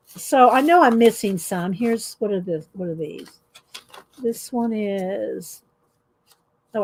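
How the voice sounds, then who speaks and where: A woman's voice: mid-range voice, slight background noise. A woman hosting a casual art journaling chat from home, reading stories aloud with expression and laughing often. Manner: chatty, warm-hearted, laughs often, reads stories with expression. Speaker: art journaling video host.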